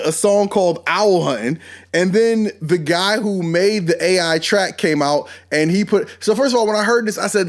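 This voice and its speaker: A man hosting a podcast, giving casual, animated commentary and talking straight at the people he discusses. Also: a little high. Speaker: podcast host.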